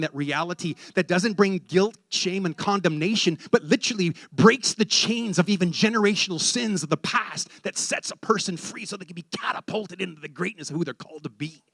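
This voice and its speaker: A man's voice: a little high, fairly bright tone, no echo, studio quality. A man preaching a sermon, telling a story and acting out the conversation, then rising to fervent exhortation.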